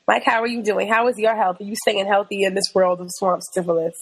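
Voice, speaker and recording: A woman's voice: mid-range voice, fairly even intonation, quick pace, breathy edge, poor audio. A woman hosting a casual podcast in a brash manner, laughing and swearing. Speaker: podcast host.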